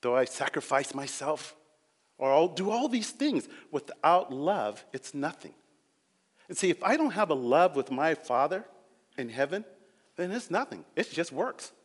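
A man's voice: a little high, big pitch swings, measured pace. Man preaching in a reverberant hall. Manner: earnest, rising and falling between loud emphasis and quiet; acts out quoted voices. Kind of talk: sermon.

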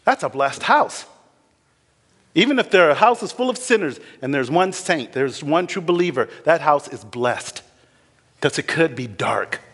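High pitched pastor guy preaching, swoops all over, echoey church hall. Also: measured pace. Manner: animated preaching, voices biblical figures, laughs. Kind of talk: sermon.

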